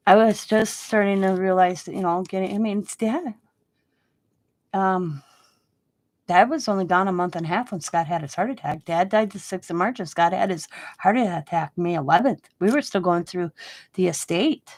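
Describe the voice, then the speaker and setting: A woman's voice: fairly low pitch, moderate pace, a little mellow. A middle-aged woman and crafting vlogger talking in a casual, rambling, heartfelt way with many restarts. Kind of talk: casual chat.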